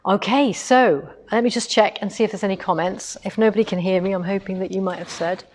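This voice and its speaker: A woman's voice: medium pitch, brisk, a little mellow. A middle-aged woman chatting casually on a livestream from a quilting showroom, rambling with asides as she moves the camera on its tripod. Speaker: host of a quilting shop livestream. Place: quilting machine showroom, indoors.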